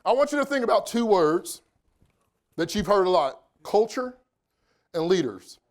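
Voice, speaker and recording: A man's voice: high voice, very animated, moderate pace. A man in his forties from Indianapolis gives a motivational keynote to a live audience in a conference room. His voice sits slightly above the usual male range. He talks in a loose, chatty way and keeps teasing the people in the seats. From Indianapolis, United States. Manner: joking, chatty, playful with the audience. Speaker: keynote speaker.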